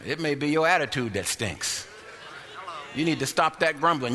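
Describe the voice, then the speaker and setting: A man preaching a sermon in an animated style, calling out for amens and acting out the grumbling people in his story. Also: a little high, fairly quick, long reverb tail.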